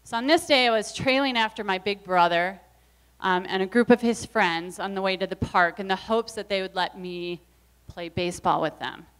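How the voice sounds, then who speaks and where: A woman's voice: mid-range voice, normal speed, fairly bright tone, clear, resonant tone. A woman speaker at an evening event, telling a personal story in an earnest, reflective way. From US Midwest. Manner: earnest, reflective, acts out quoted voices.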